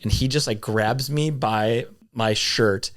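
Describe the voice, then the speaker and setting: A man in his thirties chats casually as a podcast co-host, telling stories in lively, quick bursts. His voice sits at an ordinary pitch, and the recording is dry and close, with no room sound. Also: no echo. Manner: animated storyteller, quick bursts, laughs. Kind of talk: casual chat.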